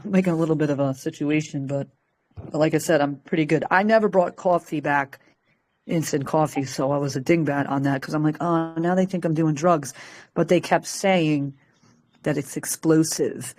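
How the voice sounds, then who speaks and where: A woman's voice: low-pitched, normal speed, darkish tone. A woman from Peru telling chatty, laughing stories on a group call, acting out what people said. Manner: chatty storyteller, laughs often, acts out quotes. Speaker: call participant. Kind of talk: casual chat.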